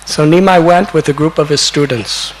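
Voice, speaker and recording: An older man in his sixties, a spiritual teacher telling a devotional story in a slow, deliberate way that climbs to excited peaks. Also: on the high side, a little hiss or hum, low-quality recording. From United States. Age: 60s.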